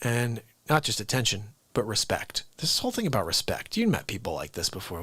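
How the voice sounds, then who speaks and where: A man's voice: mid-range voice, very animated, a little fast, a bit bright, husky, no room sound. A man hosting his daily live stream, ranting casually and talking straight to his viewers. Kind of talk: unscripted live-stream chat.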